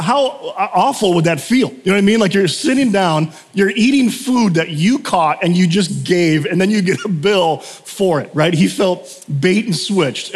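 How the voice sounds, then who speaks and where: Chatty pastor in an echoing hall. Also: male voice, high voice. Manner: chatty, self-interrupting storyteller. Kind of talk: casual sermon. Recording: long hall reverb.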